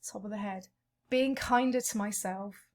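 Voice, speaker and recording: A woman leading a guided EFT tapping session, calling out each tapping point in a slow, gentle way. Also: mid-range voice.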